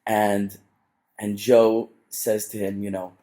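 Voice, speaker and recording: A middle-aged man, a rabbi, giving a storytelling sermon to a live audience, animated, with frequent restarts and asides. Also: lowish voice, takes it slowly.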